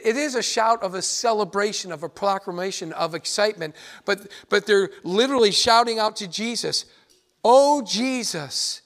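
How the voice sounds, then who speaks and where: High-voiced man preaching a sermon. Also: a bit bright. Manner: earnest, emphatic preaching with repeated phrases. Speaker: pastor.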